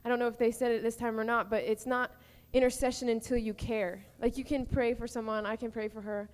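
A woman's voice: on the high side, flat delivery, brisk. Earnest young woman in a reverberant hall. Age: young adult. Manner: earnest, rising to impassioned cries when acting out prayer. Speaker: youth panel speaker. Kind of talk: informal teaching to teens. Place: camp meeting hall. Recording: long reverb of a large hall.

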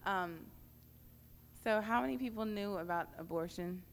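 Young woman in an echoey hall. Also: medium pitch. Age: young adult. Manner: halting, many fillers and restarts. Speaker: panel speaker. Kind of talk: testimony to a youth audience. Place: large hall at a youth camp. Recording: echoey hall, faint background noise.

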